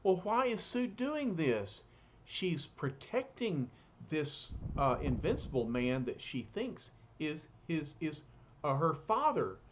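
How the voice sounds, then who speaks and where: Slow, lively-voiced man reading a comic aloud. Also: a little high, lo-fi sound, a little hiss or hum. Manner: unhurried, with frequent fillers. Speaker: reader.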